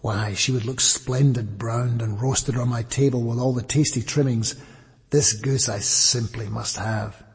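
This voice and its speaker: A man voicing a greedy middle-aged farmer who speaks in slow, emphatic exclamations. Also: mid-range voice, fairly even intonation, husky, long reverb tail. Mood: eager.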